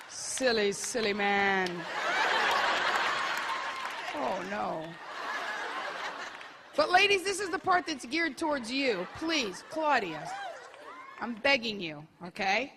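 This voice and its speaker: A woman comedian performing a bawdy stand-up set live, teasing the audience members. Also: sits high. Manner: brash, bawdy, crowd-teasing delivery. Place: comedy club stage. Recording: live club set with loud crowd laughter and noise. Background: crowd laughing.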